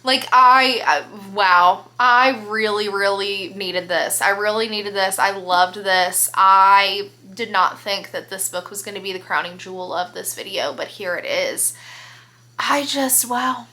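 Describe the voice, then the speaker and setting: Bright-voiced chatty young woman vlogger. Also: medium pitch, steady tone, measured pace, few pauses. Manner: gushing, chatty, many restarts and "like". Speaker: book vlogger. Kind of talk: casual vlog chat.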